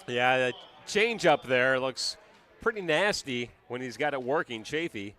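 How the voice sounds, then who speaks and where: A man giving baseball color commentary on radio, measured and full of stats. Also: medium pitch, expressive, bright, forceful tone. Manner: measured, stat-heavy analysis.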